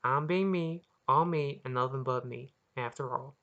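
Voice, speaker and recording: A reader voicing a spirited, sarcastic high-born young British lady with a shrill voice, in an audiobook of their own story. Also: normal speed, fairly bright tone, dull audio, natural voice. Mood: teasing. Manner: playful, sarcastic.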